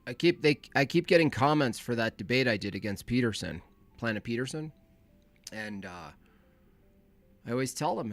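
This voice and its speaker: A man's voice: medium pitch, lively intonation, moderate pace, dry recording, faint music behind. A man hosting a call-in livestream, chatting casually and rambling to himself as he sets things up. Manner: rambling, laid-back, talks to himself while setting up. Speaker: livestream host.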